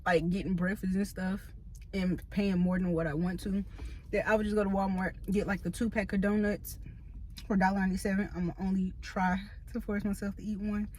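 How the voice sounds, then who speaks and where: A woman in her thirties telling a story in a casual, slangy, animated vlog, talking from a parked car. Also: mid-range voice, brisk, slight background noise. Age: 30s. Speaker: vlogger. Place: parked car in a store parking lot.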